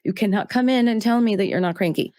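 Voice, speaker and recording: A young adult woman co-hosting a casual podcast chat about a TV show, animated and laughing often. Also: medium pitch, quick pace, dry recording, studio quality. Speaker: podcast co-host.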